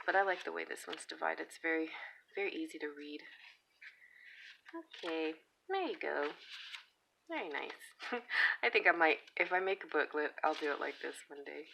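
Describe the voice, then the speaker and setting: A chatty woman reviews a tarot deck in a relaxed, rambling way. Her voice sits low but sounds bright and crisp. She giggles often and wanders into little asides. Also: slight background noise, rough recording. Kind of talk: casual flip-through review.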